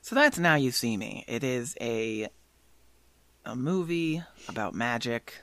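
Low-voiced young woman podcast host. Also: expressive, measured pace, a bit bright, no room sound. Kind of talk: casual movie-review chat.

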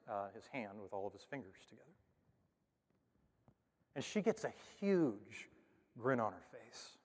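A man telling a story to a congregation in a relaxed, folksy way, full of "you know" and "kinda", in a reverberant hall. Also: medium pitch. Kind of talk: storytelling sermon illustration.

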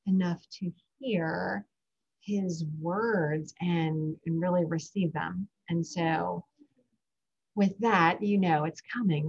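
A woman's voice: lowish voice, slightly rough. A middle-aged woman hosting a parenting podcast, telling a story from her own life and guiding a short breathing exercise. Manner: warm reflective storytelling, guides breathing. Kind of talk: casual solo podcast talk. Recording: dull lo-fi recording.

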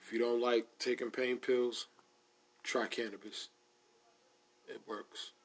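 A man hosting his podcast, ranting loudly and emphatically in a casual comedic way, repeating himself for effect. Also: medium pitch, little pitch movement, slow. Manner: loud, emphatic, repetitive. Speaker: podcast host.

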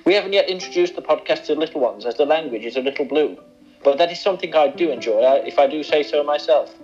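A man doing a posh voice as a royal gentleman reading out a letter. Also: a little high, expressive, quick pace, soft background music, pitched above the performer's own voice, close to an everyday voice. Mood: stately. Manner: exaggerated posh put-on voice. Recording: dull lo-fi sound.

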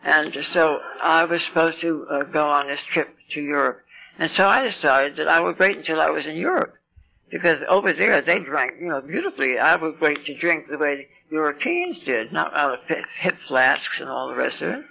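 Gravelly elderly woman telling her story. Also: low-pitched, animated, normal speed, sharp tone. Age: 80s. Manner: rambling, self-mocking storyteller with wry asides. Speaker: recovery meeting speaker. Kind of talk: personal recovery story talk. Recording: lo-fi 1990s meeting tape.

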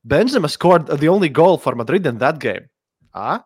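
A man's voice: a little high, big pitch swings, moderate pace, slightly rough. A man on a football panel, defending his ranking with mock-serious jokes. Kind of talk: casual panel banter.

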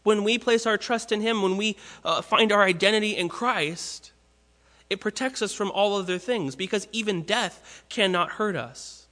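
A man's voice: high-pitched, moderate pace, bright, forceful tone, big-room sound. A man preaching a sermon in an earnest, conversational way, often restarting phrases.

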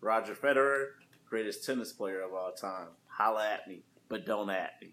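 A man's voice: on the low side, moderate pace, pushed and bright, slight background noise. A young man co-hosting a podcast, chatting casually in a joking, playful way. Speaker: podcast co-host. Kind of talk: casual chat.

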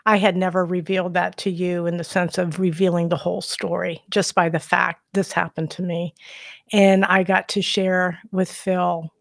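A woman telling a personal faith story in a soft, emotional way, during a conversation. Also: on the low side, flat delivery, normal speed, vocal fry, no echo.

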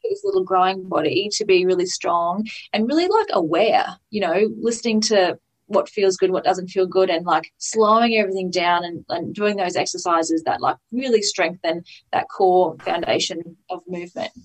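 A woman's voice: on the low side, normal speed, low-quality recording. A woman in a casual chat, thinking aloud in a loose, reflective flow. She keeps reaching for the next word with likes and you-knows.

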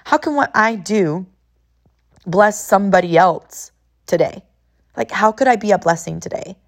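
Earnest mom telling a family story. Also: female voice, mid-range voice. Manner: earnest, emotional, repeats herself. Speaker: podcast host. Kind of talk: personal storytelling monologue.

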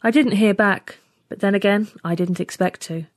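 A woman narrating a first-person science fiction story in steady, scripted storytelling. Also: mid-range voice, moderate pace, dry recording, studio quality. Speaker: story reader.

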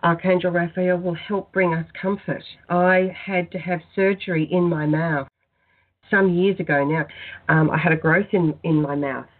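A woman guest in a spiritual radio interview, telling her personal story in an earnest, soft-spoken way. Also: on the low side, fairly even intonation, moderate pace. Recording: tinny phone-line sound.

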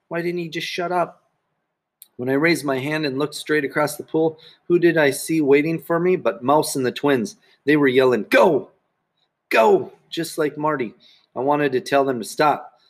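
A man reading a children's book aloud in the first person, in a plain, steady voice. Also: medium pitch. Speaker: audiobook narrator. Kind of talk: first-person storybook narration.

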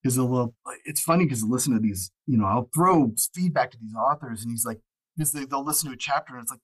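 A male audiobook narrator chatting as a guest, with a mid-pitched everyday voice. He tells stories in loose, looping sentences, and he falls into the voices of the people he quotes. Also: fast talker, no room sound, rough recording. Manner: rambling storyteller, acts out quoted exchanges. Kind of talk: casual interview chat.

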